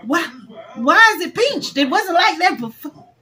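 A young adult woman vlogging in a casual chat straight to her viewers, expressive and swinging between excitement and a lower, drained tone. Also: measured pace.

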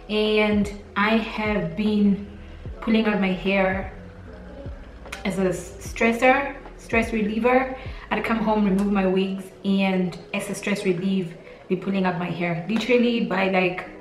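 A woman's voice: mid-range voice, steady tone, slow pace. A young woman with a Namibian accent gives an intimate heart-to-heart vlog talk, emotional and close to tears, rambling with lots of "like" and "literally". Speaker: beauty vlogger. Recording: roomy echo, distant mic, faint music.

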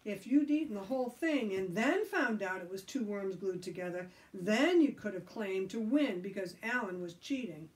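A woman voicing Joe, a brash boy who talks loudly in a raised voice. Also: mid-range voice, expressive, normal speed, few pauses, natural voice. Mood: yelling. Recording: voice from a distant mic.

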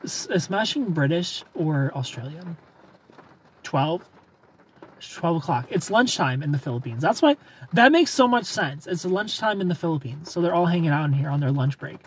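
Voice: medium pitch, lively intonation, moderate pace, a little hiss or hum. A live streamer in casual, upbeat chat, reading viewer comments aloud and greeting people by name.

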